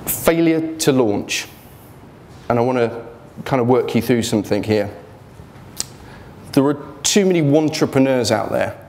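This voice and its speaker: A man's voice: mid-range voice, normal speed, darkish tone, a little hiss or hum. A man giving an informal motivational talk about his business failures, blunt and joking, speaking in a students' union hall.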